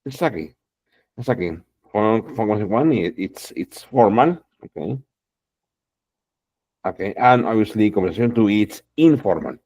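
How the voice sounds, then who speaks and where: A man's voice: on the low side, lively intonation, measured pace, darkish tone, breathy edge, no room sound. A man teaching an English class, encouraging students and saying "okay" and "exactly" again and again. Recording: dull lo-fi sound.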